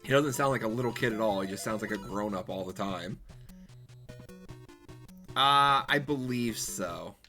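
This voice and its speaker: A man's voice: on the low side, moderate pace, long pauses, pushed and bright, faint music behind. A male streamer chatting casually and rambling while he plays a golf game. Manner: rambling, chatty, self-correcting. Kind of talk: casual chat while gaming.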